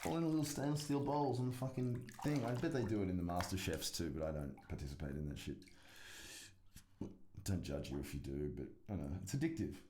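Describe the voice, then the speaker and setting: This man vlogs casually to camera, wandering off in self-mocking tangents, cursing constantly and laughing at his own jokes. His low, dark voice has lively intonation and a fairly quick pace, recorded in an echoey space with faint noise.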